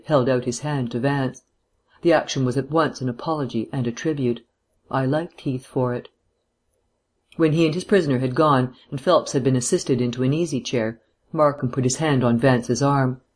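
A man reading a classic detective story aloud in a steady, measured way. His pitch sits in the ordinary middle range, and his delivery stays even and controlled through the action scenes. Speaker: audiobook narrator. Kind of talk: scripted narration of a detective novel.

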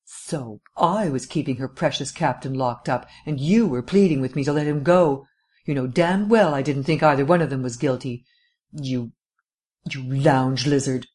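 A man reading as a gruff, exasperated prosecutor. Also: mid-range voice, normal speed, a little mellow, lightly acted. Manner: blunt, exasperated. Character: gruff, stubborn male district attorney, irritable.

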